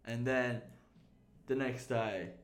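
A man's voice: mid-range voice, slow pace, echoey room. Chill podcast host guy, swears a lot, rambles on. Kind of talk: casual chat.

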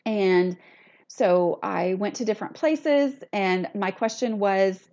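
A woman's voice: medium pitch, takes it slowly, darkish tone. A middle-aged woman, chatting casually and self-deprecatingly as a solo podcast host. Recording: dull lo-fi recording.

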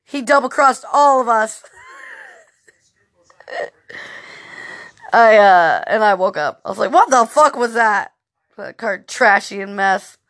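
A woman's voice: mid-range voice, a bit bright. A woman hosting a podcast in a casual monologue, telling rambling stories full of swearing and fillers. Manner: profane, rambling storytelling with lots of fillers. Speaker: podcast host.

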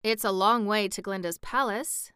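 A kindly, sympathetic tin man with stiff fingers, read by a woman. The storybook delivery is measured and slightly raised, the voice smooth and resonant, and the recording is dry. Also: medium pitch, fairly even intonation, fairly bright tone, dry recording, lightly acted. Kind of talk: audiobook reading.

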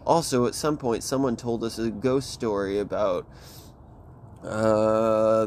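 Rambling, swearing man, low voice. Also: unhurried, a little hiss or hum. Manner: rambling, animated, swears often. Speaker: host retelling a book. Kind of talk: casual chat.

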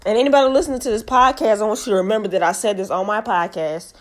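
A woman hosting her own podcast, a mother, talking in a forceful, preachy motivational monologue and repeating lines for emphasis. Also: medium pitch, racing. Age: adult with kids. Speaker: podcast host.

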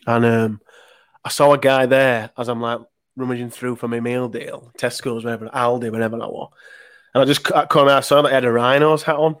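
A man's voice: medium pitch, steady tone, fairly quick, dry recording, clean studio sound. A man from Leeds, co-hosting a podcast and chatting casually, telling anecdotes and acting out what people said. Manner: chatty anecdotal storyteller, acts out quotes. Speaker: podcast co-host. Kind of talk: casual chat.

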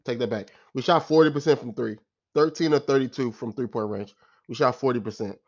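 A man's voice: mid-range voice, a little fast, dull audio. A man giving a casual, exasperated post-game rant as a sports fan, repeating himself and using slang.

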